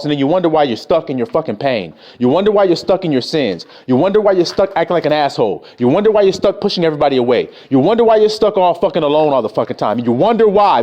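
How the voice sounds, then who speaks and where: A man's voice: on the high side, mellow. A man preaching a profane, confrontational street sermon, scolding his listeners.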